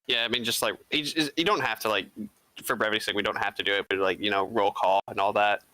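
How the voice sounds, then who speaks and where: A man's voice: on the low side, steady tone, fast talker, pushed and bright, no room sound, rough recording. A man playing a tabletop game, rambling through his character's plans with lots of fillers. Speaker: player. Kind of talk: casual tabletop chat.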